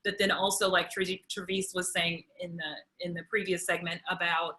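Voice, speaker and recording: A woman panelist with a low-set voice and a bright, forceful edge. She thinks aloud as she talks and acts out the voices of others she quotes. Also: flat delivery, normal speed, low-quality recording. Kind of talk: roundtable discussion.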